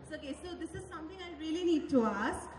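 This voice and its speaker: A woman's voice: sits high, lively intonation, fast, darkish tone. A woman in the audience asking a question in a hesitant way, with many fillers. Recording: echoey hall from far off, faint noise.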